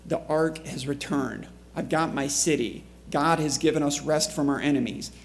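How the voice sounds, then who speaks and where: Gravelly-voiced man preaching conversationally. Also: fairly high pitch, moderate pace, slight background noise. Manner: conversational, asks the congregation questions. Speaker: pastor. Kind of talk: sermon. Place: church before a congregation.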